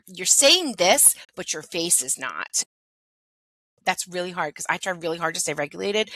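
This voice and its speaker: A woman's voice: lowish voice, bright, forceful tone, no echo, low-quality recording. A middle-aged woman, a pediatric occupational therapist, explaining things in a conversational interview, often adding "like" and "right?". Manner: explanatory, peppers speech with "like" and "right?".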